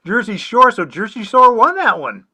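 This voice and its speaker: A man's voice: high voice, sing-song, normal speed, bright, forceful tone, husky. A man reading out the game score matter-of-factly.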